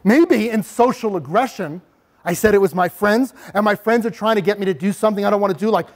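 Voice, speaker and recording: A middle-aged man giving a presentation to parents on bullying, demonstrating calm, assertive speech to his audience. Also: high-pitched, a little fast.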